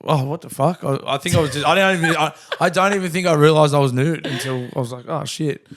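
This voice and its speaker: A man's voice: on the high side, fast talker, fairly bright tone. A young Australian man telling a long story on a podcast, swearing freely and acting out the voices of the people in it. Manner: laddish, swears a lot, acts out quoted lines. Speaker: podcast co-host. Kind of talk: casual storytelling chat.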